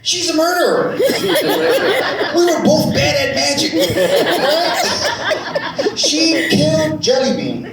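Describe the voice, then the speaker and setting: Taking it slowly in a very high-pitched voice, a stand-up comic spins profane, animated tales of family life while checking in with the audience. The club recording is echoey and very noisy, picked up by a distant mic with the crowd audible.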